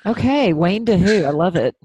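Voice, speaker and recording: A woman's voice: fairly low pitch, animated, moderate pace, warm tone, breathy edge. A woman hosting a radio show, chatting with a guest in an affirming, enthusiastic way. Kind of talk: casual interview chat.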